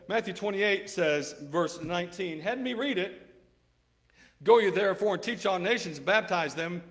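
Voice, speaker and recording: Male preacher in a debate, high-pitched voice, emphatic and insistent, quotes scripture aloud and hammers points by repetition. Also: a bit bright. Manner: emphatic, insistent, repeats key words; reads Bible verses aloud in King James wording. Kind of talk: debate rebuttal with scripture reading.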